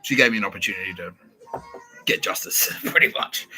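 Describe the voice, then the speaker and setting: A husky, lowish-voiced Australian man hosts a podcast, talking fast but pausing often. He tells a comedy story with plenty of swearing and lively impressions of the people involved. The recording is low-quality.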